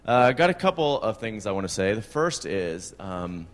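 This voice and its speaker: A man's voice: lowish voice, sing-song, moderate pace. A man making reflective remarks at a conference open mic, with fillers. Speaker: conference attendee. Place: large conference room. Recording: long hall reverb.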